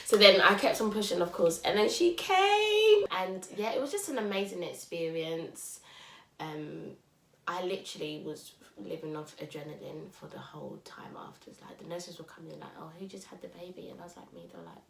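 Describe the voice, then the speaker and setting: A woman's voice: on the low side, fairly quick, gravelly, slight background noise. A young woman, casually telling a story on a podcast, acting out quotes and laughing. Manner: animated, acts out quotes loudly and laughs. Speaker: podcast co-host. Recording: roomy echo.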